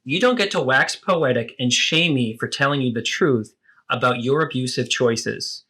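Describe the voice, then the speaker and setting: A man voicing an adult child who calmly and firmly confronts their mother in a therapeutic role-play. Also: medium pitch, normal speed. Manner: earnest, steady, firm about boundaries.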